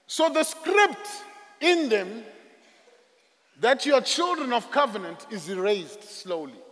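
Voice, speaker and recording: High-voiced emphatic preacher. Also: male voice, sing-song, a bit bright. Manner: dramatic, emphatic, drawn-out phrasing. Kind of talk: sermon. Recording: echoey hall.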